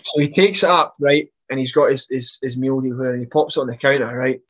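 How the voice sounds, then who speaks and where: Man with a muffled, animated voice. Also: mid-range voice, brisk. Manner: animated, laughs through stories, frequent restarts. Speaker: podcast guest, wrestler. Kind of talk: casual storytelling.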